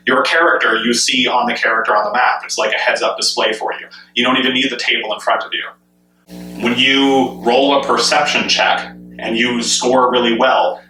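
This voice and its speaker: A man's voice: mid-range voice, pushed and bright. A man giving an enthusiastic solo commentary on gaming, asking many rhetorical questions as he goes. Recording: echoey room, mic at a distance.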